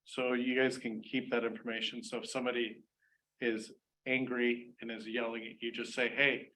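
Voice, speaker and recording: A man on a school board explains things in a relaxed, informal manner. His voice sits at a middle pitch. Faint room noise hums behind him. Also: moderate pace, poor audio. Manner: easygoing, explanatory. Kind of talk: casual meeting discussion.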